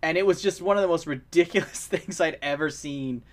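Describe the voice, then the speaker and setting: Animated man retelling movie scenes. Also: on the high side, a little fast. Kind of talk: casual chat.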